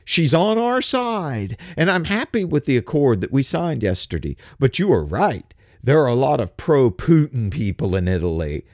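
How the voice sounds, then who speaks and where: A smug, demanding male president, put on by a man as a mocking impression. The voice rides higher than his normal talk and stretches words out slowly. The sound is dry and close. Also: very animated, darkish tone, no echo. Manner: mocking, exaggerated.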